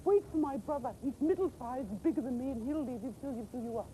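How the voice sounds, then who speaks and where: A man voicing a small, frightened young billy goat that squeaks and pleads, in children's TV storytelling. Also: fast, dark tone, slight background noise, low-quality recording. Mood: pleading.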